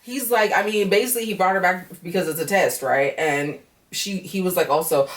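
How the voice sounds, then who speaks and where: Woman with a lowish voice dishing on reality tv, blunt and cussing, mic a bit far off. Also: fairly quick. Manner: frank, chatty, with heavy profanity. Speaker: reality TV recap vlogger. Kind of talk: casual recap vlog.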